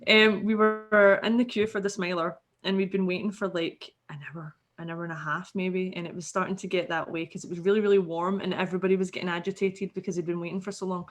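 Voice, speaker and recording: A woman's voice: lowish voice, level tone, quick pace, hardly any pauses. A Scottish woman, a podcast guest, telling a story casually and animatedly, swearing freely and acting out the people she quotes.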